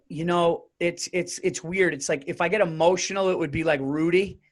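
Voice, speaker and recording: High-voiced excitable male podcast host. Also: normal speed. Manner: excitable storyteller who acts out quotes. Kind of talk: casual chat.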